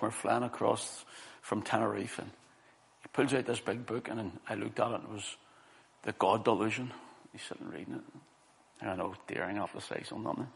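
A man's voice: on the low side, gravelly. A middle-aged man preaching a sermon and telling a story from his own life, earnest and building to emphatic stresses.

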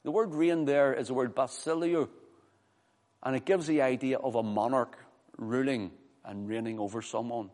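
A man preaching a sermon with fervor, swinging from loud, high exclamations to low, quiet scripture reading. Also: fairly even intonation, moderate pace. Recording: long hall reverb.

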